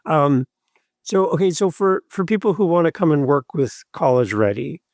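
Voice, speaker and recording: A man's voice: fairly high pitch, animated, moderate pace, a little mellow, no room sound. Easygoing male podcast host, dry close voice. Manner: easygoing and encouraging, loose phrasing with fillers. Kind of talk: casual interview chat.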